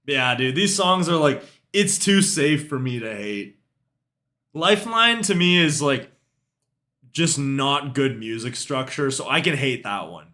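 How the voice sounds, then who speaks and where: A man's voice: mid-range voice, expressive, a little slow, bright, forceful tone. A young man streaming music reviews in casual chat, laid-back, swearing freely and trailing off with shrugging asides.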